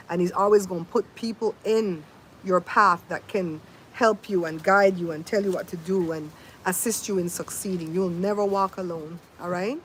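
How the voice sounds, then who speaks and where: An older woman, a grandmother, hosting a casual livestream outdoors, telling stories and mimicking sounds as she chats to viewers by name. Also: medium pitch. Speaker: livestream host. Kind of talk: casual livestream chat and storytelling. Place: outdoors in wind. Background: faint wind noise.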